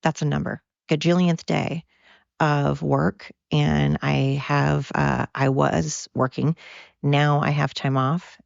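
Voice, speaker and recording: A tired American podcast host rambles through a casual monologue, cursing freely and drifting from tangent to tangent. The voice has a gravelly texture. The recording is dry and dull, with a muffled lo-fi sound. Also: medium pitch, flat delivery, slow, no echo. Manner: rambling, profane, goes off on tangents. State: tired from overwork.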